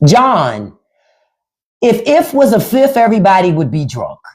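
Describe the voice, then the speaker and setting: A woman's voice: medium pitch, huge pitch swings, unhurried, a little mellow. A woman hosting a livestream, talking in a blunt, profane and sarcastic way. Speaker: livestream and podcast host. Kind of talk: unscripted livestream commentary.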